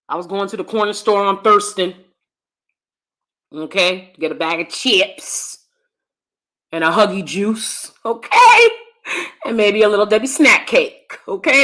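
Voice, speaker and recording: A woman hosting a casual livestream, loud and animated, talking straight to her viewers. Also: medium pitch. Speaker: YouTube commentary host.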